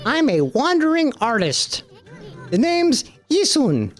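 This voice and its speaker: A man's voice: extremely high pitch, wildly swooping pitch, slow pace, faint music behind, heavily acted. A man voicing a tiny, boastful male bug who calls himself a wandering artist, brash and bragging. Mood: cocky.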